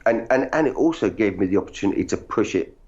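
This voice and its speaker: A man, an actor guest, telling animated, self-deprecating stories in casual interview chat. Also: lowish voice, fast. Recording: dull lo-fi audio.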